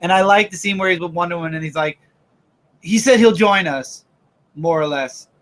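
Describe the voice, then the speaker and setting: A man hosting a live online show, chatting casually and eagerly about comics and TV, quick to jump in with opinions. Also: high voice, fairly bright tone. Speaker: podcast host.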